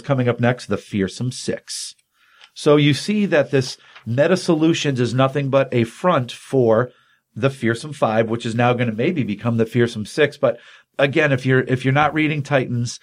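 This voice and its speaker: A man's voice: mid-range voice, moderate pace. A man casually retelling a comic book issue on a podcast, rambling with many ums and restarts, acting out the dialogue.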